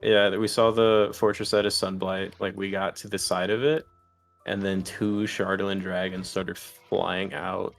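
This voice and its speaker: Young guy rambling and cursing at the game table, kinda low voice. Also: a little slow, gravelly, faint music behind. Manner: excitable, swears, rambles. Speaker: player. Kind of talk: casual chat at a game table.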